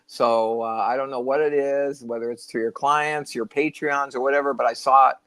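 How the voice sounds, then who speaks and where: A man in a casual co-host chat with a middle-pitched, ordinary voice. He hesitates often, filling gaps with "uh" and repeating words as he looks for the thread. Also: steady tone, normal speed, fairly bright tone, clear, resonant tone.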